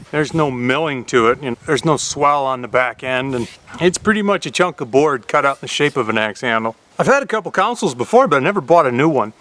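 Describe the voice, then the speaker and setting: A man's voice: on the high side, bright, forceful tone, a little hiss or hum. A man casually talking through a new axe on his vlog, plain-spoken and chatty with a folksy manner. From Upper Michigan. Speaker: YouTube host reviewing an axe.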